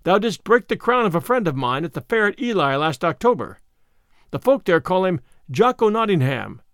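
A man's voice: sits high, big pitch swings, moderate pace, no echo, clean studio sound. Robin Hood, as a man reads him, hearty and merry. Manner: hearty, laughing, archaic speech. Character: boisterous outlaw leader, adult man, merry.

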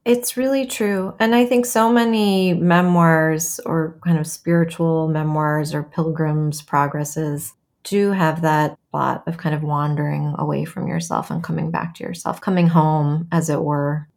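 A woman's voice: low voice, creaky, darkish tone. A woman playwright in an interview, speaking thoughtfully and acting out quoted voices with animation. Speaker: playwright and memoir author, guest. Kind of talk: reflective interview conversation.

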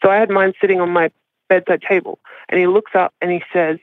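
Over a tinny phone line with a dry sound, a woman caller speeds through a personal story in a fairly low, steady voice. It's casual and confessional, rambling, packed with "like" and frequent laughter.

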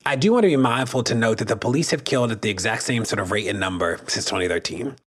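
A man's voice: on the low side, animated, fast, slightly rough. A man speaking earnestly and emphatically in an interview, pressing his points and checking in with the listener. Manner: earnest, emphatic, often adds "right?". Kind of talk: interview commentary.

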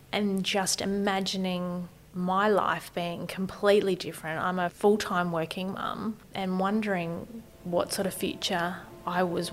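A woman in her thirties telling a personal story candidly, often softening to a near whisper. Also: mid-range voice, poor audio.

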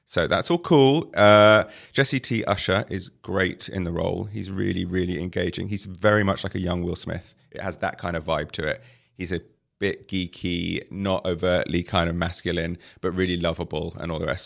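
A man's voice: sits low, normal speed, creaky, a bit bright. A man reviewing a film on a casual podcast, telling the plot in a wry, sarcastic way with punchlines. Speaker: arts editor reviewing films.

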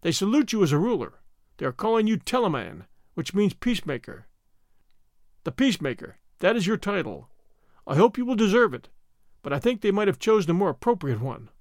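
A man reading the part of a calm, wry companion who speaks soothingly. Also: sits high, a little fast, no room sound, studio quality.

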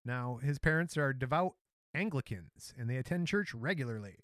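A man's voice: mid-range voice, lively intonation, moderate pace, no echo, clean studio sound. A middle-aged man from Michigan co-hosting a podcast, telling a life story in casual chat, joking and tripping over names. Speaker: podcast co-host.

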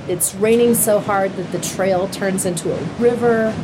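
A woman telling a personal story in a casual, lively way, laughing now and then and acting out what was said. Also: mid-range voice, moderate pace, hardly any pauses, background noise. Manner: lively, laughs while telling, acts out quotes. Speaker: interviewee telling a hiking story.

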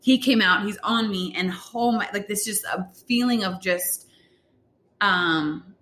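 A young woman tells a personal story in a relaxed, candid way, full of fillers and animated asides. Her voice sits at an ordinary middle pitch, and the room around her adds a noticeable echo. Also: unhurried, a little hiss or hum. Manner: chatty, candid, with frequent fillers and animated retellings. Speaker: vlogger sharing a birth story. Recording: roomy echo.

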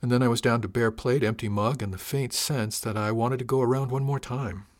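A man reading a first-person story aloud as audiobook narrator, wry and even. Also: medium pitch, fairly quick.

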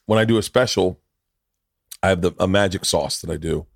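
A middle-aged man hosts a podcast in a loose, rambling way. He swears freely and jumps into other people's voices as he tells his stories. His voice sits fairly low, and the sound is dry and close. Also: a little fast, vocal fry, dry recording. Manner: rambling, profane storytelling that acts out other people's lines. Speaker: podcast host. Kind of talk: casual chat.

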